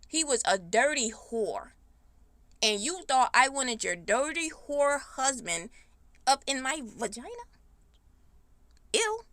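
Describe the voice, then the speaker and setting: A woman hosting a podcast, telling a personal story in a blunt, heated, animated way with speech. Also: on the high side, no room sound. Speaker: podcast host. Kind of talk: casual storytime monologue.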